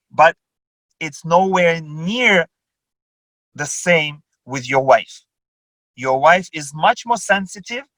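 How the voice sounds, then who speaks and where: A rabbi lectures over a video call in a high-pitched man's voice, taking his time with each phrase. He teaches emphatically, posing rhetorical questions and answering them himself. The sound is close and dry, with no room echo. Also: fairly bright tone.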